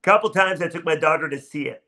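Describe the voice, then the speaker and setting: Upbeat, bright-voiced male sports podcast host. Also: on the high side, quick pace. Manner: upbeat, chatty, pushes listeners to subscribe. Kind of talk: sports talk monologue.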